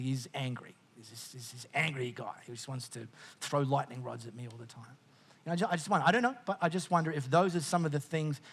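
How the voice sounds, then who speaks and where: A middle-aged Australian man preaching a sermon as pastor, conversational and jokey, with frequent quick restarts. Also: medium pitch.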